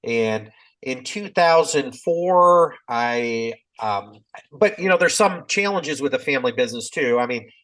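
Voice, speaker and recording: A man in his fifties speaks at an even middle pitch, talking things through in a loose, reflective way. He circles back often, filling pauses with ums and restarts as he tells a long personal story in an interview. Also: rough recording. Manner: reflective, rambling, many fillers and restarts. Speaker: physician and company executive.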